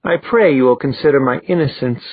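A man's voice: mid-range voice, brisk, husky, dry recording, pitched above the performer's own voice. A man voicing a bold, teasing young woman in an audiobook, playful and theatrical. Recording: dry, phone-like thin sound.

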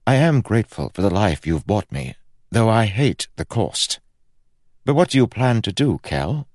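A man voicing a playful, teasing young prince of about twenty, calm and wryly amused. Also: on the low side, normal speed, no echo, clean studio sound, voice pushed up.

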